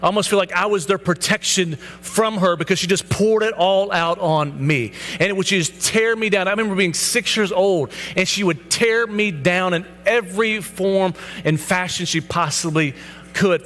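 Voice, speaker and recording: In a high, fairly bright voice at a moderate pace, a male pastor in his thirties shares his personal testimony as a sermon. He tells it earnestly and performs the dialogue, with hall reverb and a faint hum in the background.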